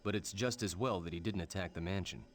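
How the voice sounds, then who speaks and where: An actor playing a calm male engineer in a video game, matter-of-fact. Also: deep voice, fast.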